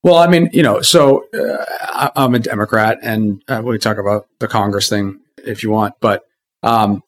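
Low-voiced guy being interviewed, earnest, thinks out loud and restarts a lot. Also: moderate pace. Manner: earnest, reflective, with frequent restarts. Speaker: guest, company executive. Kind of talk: conversational interview.

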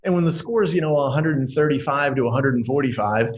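A man co-hosting a podcast, talking casually in a rambling, animated way and laughing often. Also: mid-range voice, fast talker, muffled recording, slight background noise. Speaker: podcast co-host.

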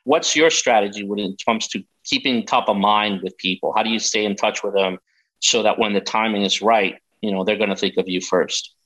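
Bright-voiced male interview host. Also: lowish voice, brisk, rough recording. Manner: encouraging, asks long framed questions. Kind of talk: interview conversation.

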